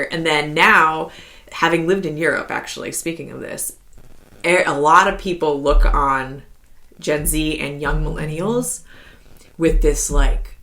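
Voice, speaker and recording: A woman in her thirties with a somewhat low voice chats through a casual podcast as co-host. She laughs easily and keeps sprinkling like through her talk. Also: sharp tone. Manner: chatty, laughs often, heavy use of like as a filler. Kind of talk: casual conversational podcast chat.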